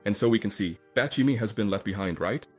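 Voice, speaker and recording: Low-voiced man recapping a comic story. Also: fast, soft background music. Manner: chatty retelling with many "and so" links and asides. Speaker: recap narrator. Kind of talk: casual story recap narration.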